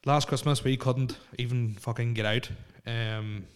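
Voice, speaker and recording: A man's voice: mid-range voice, steady tone, unhurried, smooth. Rambling man podcasting solo. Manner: rambling, stammering, frequent fillers and restarts. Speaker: podcast host. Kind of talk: casual solo podcast chat. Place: alone in a house.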